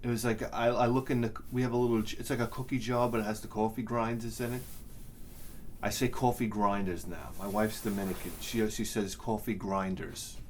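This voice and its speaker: A man's voice: lowish voice, level tone, a little fast, a little mellow, a little hiss or hum. A middle-aged man vlogging casually, rambling and swinging into profane rants. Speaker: video game vlogger. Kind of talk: casual chat.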